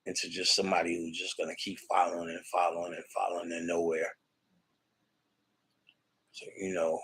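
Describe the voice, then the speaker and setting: A man hosting a livestream in loose, profane chat full of slang and laughter. His voice is low, gravelly and husky. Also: little pitch movement, brisk, fairly bright tone, rough recording. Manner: rambling, laughing, swearing, slangy. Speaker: livestream host.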